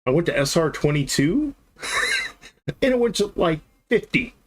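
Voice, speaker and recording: A man's voice: on the high side, unhurried. A man in his thirties streaming games and telling a long, rambling story, acting out the dialogue as he goes. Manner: rambling, animated storyteller who acts out the dialogue. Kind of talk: casual storytelling on a live stream.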